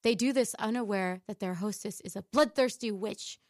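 A woman's voice: medium pitch, moderate pace, darkish tone, dry recording, clean studio sound. A woman co-hosting a radio show, chatting playfully with a laugh and reading a story aloud. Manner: giggly, playful. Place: radio studio.

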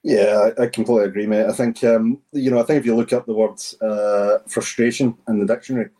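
A man talking in a measured, halting way with many fillers on a podcast. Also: on the low side, fairly even intonation, dark tone, recorded from a distance, poor audio. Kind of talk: casual chat.

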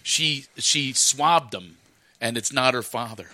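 A middle-aged man telling stories in a casual chat, animated and acting out quotes with loud high shouts. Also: slow pace, no echo. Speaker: comedian telling stories on a podcast.

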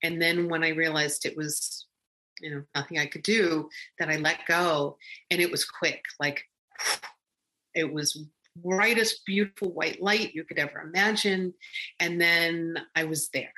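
A woman's voice: low-pitched, fairly even intonation, unhurried, pushed and bright. A woman telling a personal story in an earnest, reflective way, rambling with frequent ums and restarts. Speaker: storyteller recounting a personal experience.

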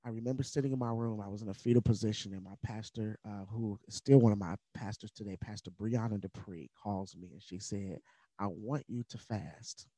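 Low, mellow man telling a story. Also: fairly even intonation, fairly quick, hardly any pauses, no echo. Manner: earnest, candid, at times emotional; conversational with fillers like uh and like. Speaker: podcast guest. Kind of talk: personal storytelling in conversation.

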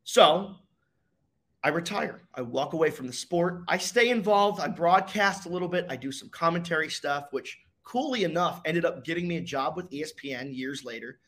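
A young man sits as a guest and tells his story the way a natural storyteller does. He builds drama, pauses for effect and pulls his listener along. His voice sits a little on the high side. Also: lively intonation, fairly bright tone. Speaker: guest, racing driver. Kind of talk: storytelling in a casual interview.

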